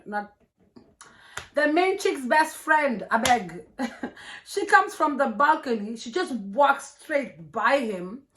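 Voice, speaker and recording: Animated young woman telling a story. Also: a little high. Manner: animated, profane, laughing storytelling. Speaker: vlogger. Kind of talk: storytime vlog.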